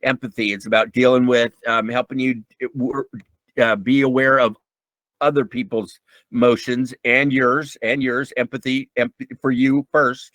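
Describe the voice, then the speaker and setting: A man's voice: medium pitch, level tone, moderate pace, a bit bright, dry recording, rough recording. A man giving an informal, earnest talk on emotional intelligence, repeating points for emphasis and often restarting sentences with ums. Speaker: mental health speaker.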